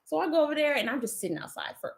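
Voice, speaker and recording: A woman's voice: high-pitched, very fast, gravelly. A woman telling a story in casual chat, swearing freely and acting out what people said. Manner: animated, swears freely, acts out quoted lines.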